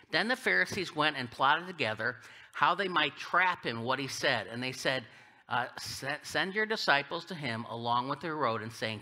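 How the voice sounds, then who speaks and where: A middle-aged man preaching as a guest speaker, telling stories and cracking jokes as he reads scripture. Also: medium pitch. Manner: animated storytelling, jokey asides. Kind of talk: sermon with humor.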